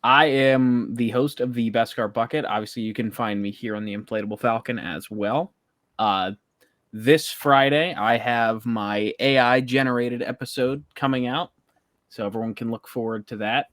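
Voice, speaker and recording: A man co-hosting a podcast at a middling pitch, recorded dry with no room echo. He speaks haltingly and a bit self-consciously, leaning on fillers like "like" and "uh". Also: steady tone, fairly bright tone. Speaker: podcast co-host. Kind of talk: casual podcast chat.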